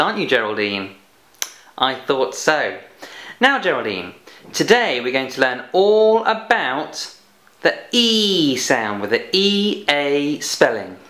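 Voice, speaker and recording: A woman's voice: deep voice, a bit bright. A woman presenting a children's phonics lesson. She chats playfully and teasingly with a puppet. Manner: chatty, teasing teacher talking to a puppet.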